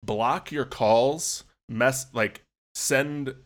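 Slow, measured man telling a story. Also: medium pitch. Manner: builds a scene in second person, measured. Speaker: podcast co-host. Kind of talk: casual chat, storytelling.

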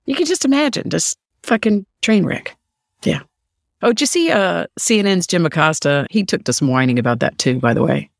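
A man's voice: high voice, expressive, brisk, creaky, no room sound, clean studio sound. A middle-aged man hosting a podcast, ranting solo in a sarcastic, profane way. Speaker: podcast host. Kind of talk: solo opinion rant.

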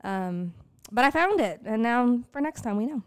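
A woman's voice: a little high, lively intonation, normal speed, smooth. A young woman co-hosting a podcast in casual chat, rambling and self-mocking, swearing freely. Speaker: podcast co-host.

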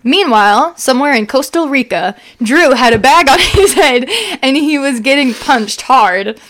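A woman's voice: high-pitched, animated, moderate pace, a bit bright. A woman podcast co-host reading fan fiction aloud, giggling and stumbling back over lines.

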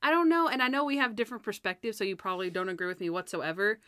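A woman chatting casually as a podcast co-host, retelling scenes with lively put-on voices. Her pitch sits in the middle range, and the recording is dry and close with no room sound. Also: racing, smooth, no echo. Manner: animated, acts out scenes in put-on character voices. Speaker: podcast co-host reviewing episodes. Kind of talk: casual chat.

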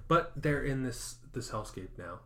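A man co-hosting a podcast, casually recapping a horror film in animated storytelling that acts out quotes. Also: medium pitch, a little slow, background noise. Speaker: podcast co-host.

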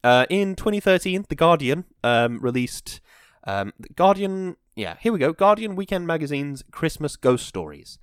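A man's voice: fairly high pitch, moderate pace, clean tone, dry recording, clean studio sound. A young man hosting a podcast, rambling casually and self-deprecating, then reading a story aloud. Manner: chatty and self-deprecating, with bursts of excitement. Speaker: podcast host.

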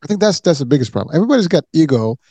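A man interviewing a guest, speaking in a halting way with many restarts. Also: a little high, very animated, warm tone, breathy edge, dry recording. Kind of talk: interview conversation.

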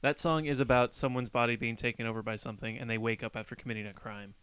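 A man's voice: medium pitch, steady tone, quick pace, a bit bright, clear, resonant tone, no echo. A man co-hosting a casual chat, laid-back and knowledgeable, with hesitant fillers. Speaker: podcast co-host.

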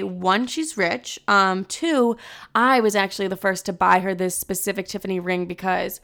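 Chatty young woman with vocal fry. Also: mid-range voice, moderate pace, a bit bright. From Chicago. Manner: chatty, fills talk with "like" and "literally", swears casually. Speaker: podcast host. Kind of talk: casual chat.

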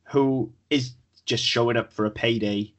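A man co-hosting a casual podcast, bluntly tearing into a low-budget horror film with plenty of swearing. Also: steady tone, a little slow, fairly bright tone. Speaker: podcast co-host. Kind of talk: casual film review chat.

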